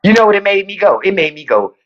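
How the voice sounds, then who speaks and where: Woman on a live stream talking to y'all, animated pitch, kinda dull lo-fi audio. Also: fast talker, noisy background. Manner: playful, laughs often, talks to viewers as y'all. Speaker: podcast host on a live stream. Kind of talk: casual livestream commentary.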